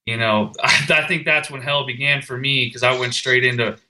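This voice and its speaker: A young man recounts his own story with feeling, stumbling and restarting as he goes. His voice is strikingly bright and forward, sitting at an ordinary pitch. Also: steady tone, moderate pace, poor audio. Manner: earnest, emotional storytelling with restarts. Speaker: guest, firefighter. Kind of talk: personal story in a podcast conversation.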